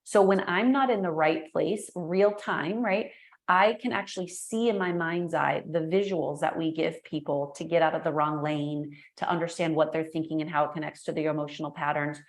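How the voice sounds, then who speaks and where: A middle-aged woman, a guest entrepreneur and speaker, talking in an energetic, animated way and acting out the voices in her stories. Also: deep voice, normal speed. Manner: energetic, animated storyteller who acts out quotes. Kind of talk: casual interview chat. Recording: echoey room.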